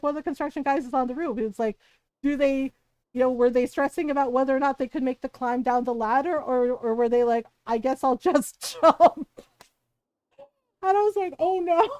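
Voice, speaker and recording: A woman's voice: high-pitched, darkish tone, no echo. A woman streamer chatting casually while gaming, animatedly retelling a story, acting out quotes and laughing often.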